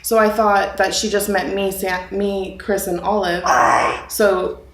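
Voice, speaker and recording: A young woman telling her engagement story in a casual, animated way, laughing now and then. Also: medium pitch, a little slow, roomy sound, slight background noise, poor audio. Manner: animated, laughing as she retells the day.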